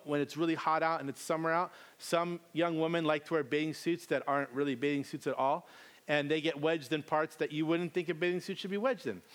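A male pastor in his thirties preaching with a slightly higher-than-usual voice. He tells funny family stories animatedly, acting out his own lines. He then turns earnest as he draws the lesson. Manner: animated, humorous storytelling with acted-out quotes. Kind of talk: sermon.

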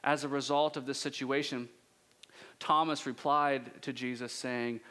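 A male pastor preaching a conversational sermon with rhetorical questions and drawn-out pauses. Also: mid-range voice, steady tone, sharp tone, clear, resonant tone.

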